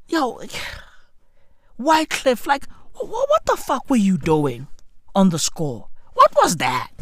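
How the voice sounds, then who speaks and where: Animated woman ranting. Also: high voice, dry recording, studio quality. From South Africa. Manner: loud, profane, exclamatory slang. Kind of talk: comic rant.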